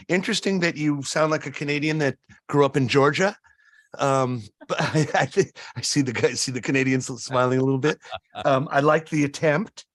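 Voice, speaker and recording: A man's voice: medium pitch, a bit bright, no echo, studio quality. A man judging a voice-over contest, giving rambling, casual feedback full of fillers. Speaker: judge. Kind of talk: casual critique.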